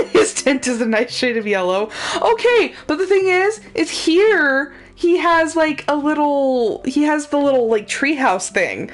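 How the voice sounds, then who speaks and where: A woman's voice: sits high, lively intonation, a little slow, soft background music. A woman streamer chatting casually and laughing often while commenting on a game she is playing live.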